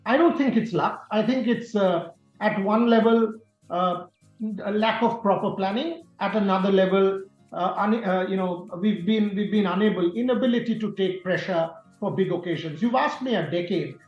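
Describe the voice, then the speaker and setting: A man's voice: high-pitched, moderate pace. A man answers interview questions with firm, emphatic conviction and hammers home key words by repeating them. His voice sits in a reverberant room. The sound is a little muffled, with faint music underneath. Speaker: sports journalist guest.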